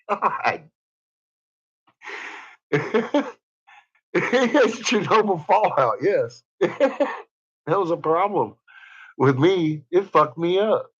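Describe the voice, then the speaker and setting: A man's voice: high voice, expressive, extremely slow, pauses often, husky. A man in casual chat who keeps breaking into laughter, with a crude, profane manner. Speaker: podcast host. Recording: dull lo-fi recording.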